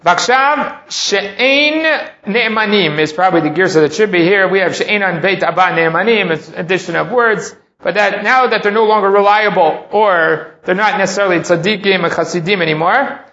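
A man's voice: sits high, fairly quick, hardly any pauses, fairly bright tone, roomy sound, muffled recording. A man teaching a Talmud lesson, reading Hebrew passages aloud and then translating and explaining them line by line. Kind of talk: text-study lesson.

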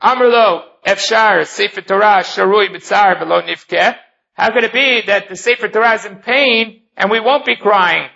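High, gravelly male Talmud teacher. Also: moderate pace, pushed and bright. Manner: reads Hebrew and Aramaic text then explains in English. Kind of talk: Talmud lesson. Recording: dull lo-fi recording.

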